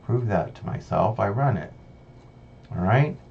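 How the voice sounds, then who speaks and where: Low slow guy walking through code, lots of ums and restarts, kinda dull lo-fi recording. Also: expressive, creaky. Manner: explains step by step, thinks aloud with fillers and restarts. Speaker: programming teacher. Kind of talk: screen-recorded coding lesson. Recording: slightly dull lo-fi audio with faint hiss.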